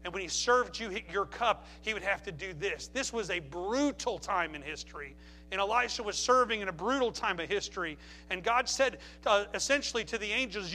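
A man's voice: high voice, lively intonation, moderate pace, pushed and bright. A man preaching a sermon, telling stories with passionate emphasis. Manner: impassioned preaching with storytelling. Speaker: pastor.

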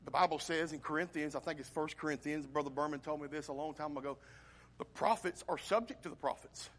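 A middle-aged man preaching a sermon, impassioned and building to near-shouting climaxes. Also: on the high side, fast. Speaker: pastor.

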